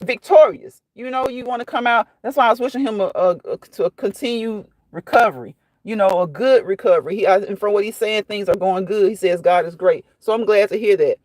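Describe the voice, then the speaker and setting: A woman's voice: mid-range voice, fairly quick, hardly any pauses, darkish tone, no echo. A woman hosting a casual live stream, reading viewers' comments aloud and reacting to them in a chatty way that often repeats phrases.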